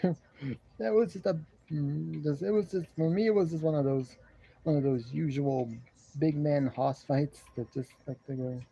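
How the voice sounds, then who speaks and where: A man casually reviewing a wrestling show from his love seat at home, rambling and repeating himself while he clears a congested throat. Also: fairly high pitch, fairly even intonation, unhurried, dark tone, dull audio. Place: living room at home, seated on a love seat. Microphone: camera in front of him.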